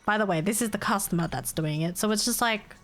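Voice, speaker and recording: A woman's voice: medium pitch, fast, soft background music. A young woman, chatting casually on a live stream, venting in exasperation, laughing often and swearing.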